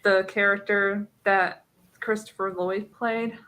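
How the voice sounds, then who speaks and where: A woman's voice: mid-range voice, flat delivery, slow, fairly bright tone. A woman in her thirties co-hosting a casual talk show. She rambles from one memory to the next, laughs often and swears freely as she talks. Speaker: co-host. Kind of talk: casual chat.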